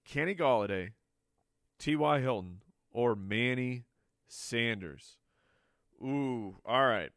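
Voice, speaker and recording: A man's voice: medium pitch, expressive, takes it slowly, pauses often, a bit bright, dry recording. Playful chatty man, dry sound. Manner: playful, chatty, jokes with the crew, laughs often. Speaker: fantasy football analyst answering viewer questions. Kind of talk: casual live Q&A.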